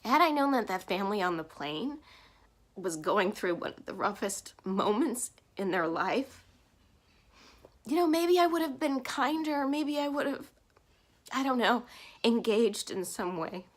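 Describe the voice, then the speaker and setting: A woman's voice: a little high, sing-song, measured pace. A woman talking to camera in a personal vlog, earnest and heartfelt, speaking openly about her feelings. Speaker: vlogger.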